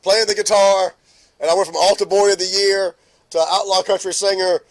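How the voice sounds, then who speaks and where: At a normal speed, a middle-aged man with a high-for-a-man voice hosts a relaxed morning live stream. He calls out viewers by name, laughing again and again.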